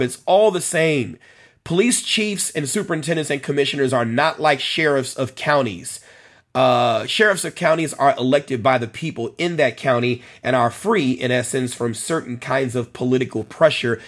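A man's voice: mid-range voice, fairly bright tone. A man hosting a live-stream talk show, reading out viewer comments and giving his opinion in a conversational way, repeating phrases for emphasis. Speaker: host of a policing talk show.

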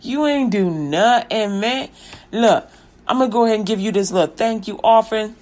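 A woman voicing a greedy, scheming male mayor who talks in loud, brash street slang. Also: medium pitch, moderate pace, close to an everyday voice. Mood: dismissive.

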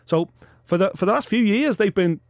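A man's voice: sits high, animated, a little fast, dry recording, studio quality. A man co-hosting a podcast in casual chat, talking with enthusiasm and some swearing. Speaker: podcast co-host.

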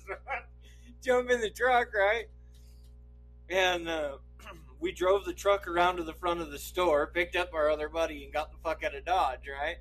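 Man, from Idaho, profane storyteller, laughs a lot, high voice. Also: normal speed, bright, forceful tone, faint music behind, poor audio. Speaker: podcast storyteller. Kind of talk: casual anecdote telling.

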